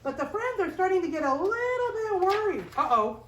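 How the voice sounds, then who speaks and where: A young woman telling a Bible story to a children's class, animated and asking the children questions. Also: very high-pitched, a little fast. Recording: echoey room, voice from a distance, faint hiss. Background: children's group.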